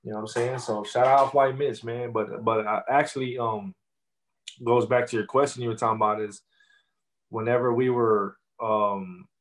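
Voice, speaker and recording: A man in his thirties, a rapper telling stories in a casual interview, swearing a lot and repeating fillers. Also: medium pitch. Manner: profane, animated storytelling with many fillers.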